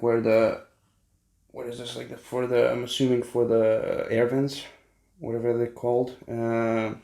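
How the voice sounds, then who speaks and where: A young man filming a casual unboxing, excitable and swearing often, jumping between hushed whispers and squeals. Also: mid-range voice, gravelly. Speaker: vlogger.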